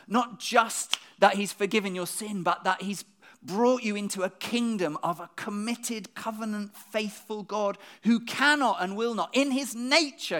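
A preacher delivers a conversational church sermon. They speak quickly, keep asking the congregation questions, and often repeat a word when restarting a thought. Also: mid-range voice, a bit bright.

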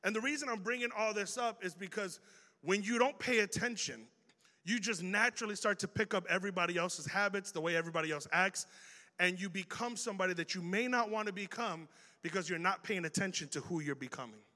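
A long hall reverb colors the recording of a young Chicago man preaching in a high-pitched, fairly quick voice. In his Chicago accent, he delivers a relaxed, animated sermon to youth, acting out quoted exchanges along the way.

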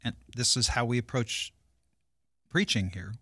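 A man's voice: mid-range voice, a little slow, bright, forceful tone, no room sound, clean studio sound. A man, a pastor, explaining his preaching in a thoughtful, easygoing casual chat.

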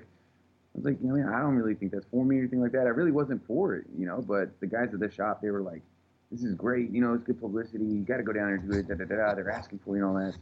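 A man's voice: deep voice, slightly rough. A man, a tattoo artist telling a rambling, profane story in casual chat, recorded with thin phone-like sound.

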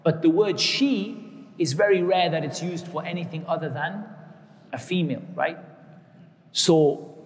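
A man's voice: fairly high pitch, unhurried, pauses often, big-room sound. A man giving a religious lecture, explaining terms patiently and repeating key words. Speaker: Islamic teacher.

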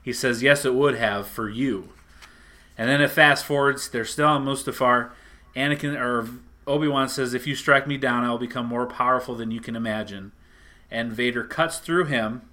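In a casual chat, a man with a bright, forceful, mid-range voice retells a comic book story at a moderate pace. He's animated and acts out the characters' lines as he goes.

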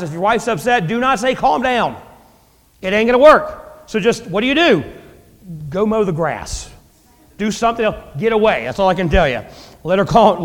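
High-voiced pastor preaching in a reverberant hall. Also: male voice. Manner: conversational preaching with dramatic pitch swings and asides. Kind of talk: sermon.

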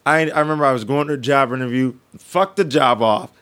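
A man telling stories in a casual chat, acting out quotes with big jumps in his voice. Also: fairly quick. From Los Angeles resident. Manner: animated, acts out quotes with big pitch jumps. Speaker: podcast co-host telling stories.

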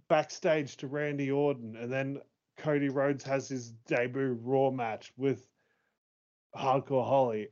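A man in his thirties co-hosting a casual chat. He talks excitably, swears freely and laughs often. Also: medium pitch. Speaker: podcast co-host. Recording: dull lo-fi sound.

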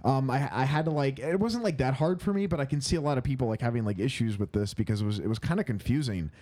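Another casual podcast chat from a male co-host, full of filler words and false starts. He speaks quickly at a medium pitch, with a warm tone.

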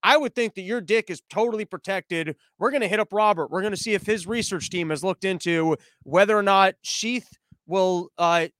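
A man hosting a casual podcast monologue, rambling, profane and animated. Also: sits high, moderate pace, no echo. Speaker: podcast host.

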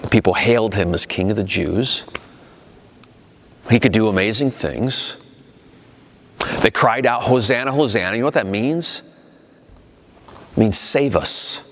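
A male pastor preaching a sermon in a conversational way, his pitch rising and falling for emphasis. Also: expressive, unhurried, long pauses, a bit bright, long reverb tail.

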